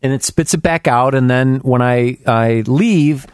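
A man's voice: medium pitch, a little slow, clean tone, no echo, clean studio sound. A man co-hosting a casual podcast, telling stories animatedly, swearing freely and laughing along. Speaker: podcast co-host. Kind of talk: casual storytelling chat.

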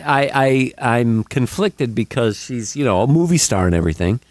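A man's voice: medium pitch, moderate pace, a little mellow, no echo. A man hosting a casual chat show, blunt and wisecracking, with a habit of swearing. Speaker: host.

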